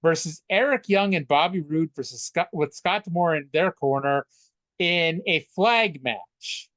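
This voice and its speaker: A man co-hosts a casual wrestling recap podcast, chatty and loose, often stammering and restarting and swearing offhandedly. His fairly bright voice sits a bit high for a man and moves a little slowly. It's recorded close and dry on a podcast mic.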